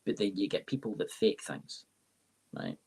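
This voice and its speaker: A man's voice: low voice, wildly swooping pitch, moderate pace, darkish tone. A Scottish man, a tarot reader and paranormal podcaster, talking in a rambling way on a live-stream interview and often saying "right?". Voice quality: gravelly, husky. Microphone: live-stream mic.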